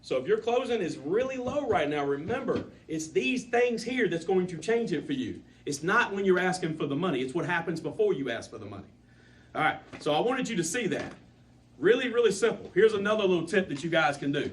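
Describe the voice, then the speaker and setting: Animated man coaching a sales team. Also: high voice, a little fast, far from the mic, slight background noise. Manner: animated, repetitive coaching with rising emphasis. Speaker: sales trainer. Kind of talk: sales training talk to a live group.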